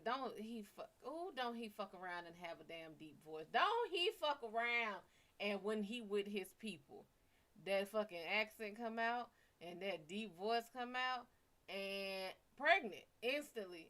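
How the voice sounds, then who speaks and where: A woman with a Cajun-tinged accent and a medium-pitched, fairly bright voice chats casually on a livestream as a psychic reader. She rambles and swears, tossing in laughing asides.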